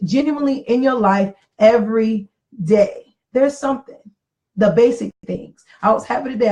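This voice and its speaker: A woman's voice: on the high side, darkish tone, poor audio. A middle-aged woman in casual talk about marriage, earnest and reflective, repeating phrases for emphasis. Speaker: podcast co-host.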